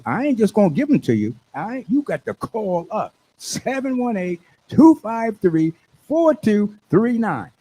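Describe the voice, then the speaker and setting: An older man, a radio station manager hosting his talk show, hyping an event with exuberant, preachy shouts. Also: high voice. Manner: exuberant, preachy call-and-response, shouts when excited. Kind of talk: hyped radio promo talk.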